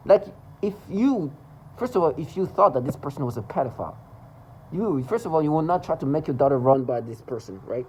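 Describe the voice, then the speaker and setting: Talking to the camera, a male vlogger delivers a rambling, agitated monologue about personal matters, full of restarts and repetitions, at one point imitating others' laughter. His voice is a little high, warm and husky, and the recording quality is rough.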